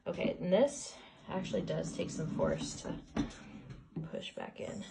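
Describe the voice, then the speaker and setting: A woman's voice: lowish voice, wildly swooping pitch, measured pace, vocal fry, noisy background. A young woman chatting casually while she assembles furniture, exasperated and swearing now and then. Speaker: vlogger.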